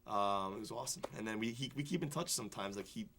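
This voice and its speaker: A young man telling a story fast, with a fairly low voice and a faint hiss behind him. His tale pours out in excited, rambling bursts full of fillers and restarts. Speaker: film critic and entertainment interviewer. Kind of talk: animated storytelling in a studio interview. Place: television studio before a student audience.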